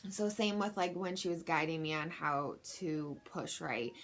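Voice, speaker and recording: A woman's voice: deep voice, unhurried. Chatty, frank young woman telling a story. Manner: chatty and frank, filler-heavy with lots of "like". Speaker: vlogger. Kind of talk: casual personal storytelling.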